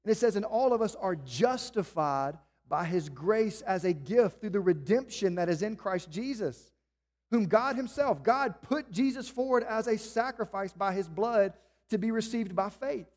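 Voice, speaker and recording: A man preaching in a church, his voice pitched high for a man. He builds his points through earnest, emphatic rhetorical questions. The sound carries a long reverb, as from a large sanctuary. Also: normal speed, darkish tone. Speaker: pastor. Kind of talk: sermon.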